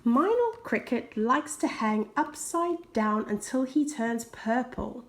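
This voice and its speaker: A woman reading a children's picture book aloud in a slow, unhurried way. Her voice sits fairly high, and she drops into soft whispered asides for effect. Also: animated. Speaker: storybook reader.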